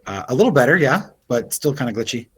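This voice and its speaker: A man's voice: medium pitch, very animated, fast talker, low-quality recording. A man narrating as game master of an online tabletop game, describing scenes with frequent fillers and restarts. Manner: descriptive, hesitant with many fillers.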